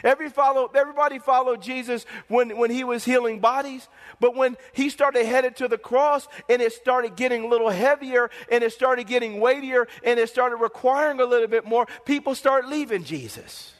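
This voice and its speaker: A man's voice: extremely high pitch, normal speed. A male pastor preaching a sermon in an emphatic, repetitive, call-and-response manner, with a long hall reverb.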